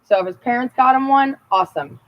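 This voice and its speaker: A woman's voice: high voice, fast, dull audio. A woman telling personal stories in a blunt, rambling and profane casual monologue.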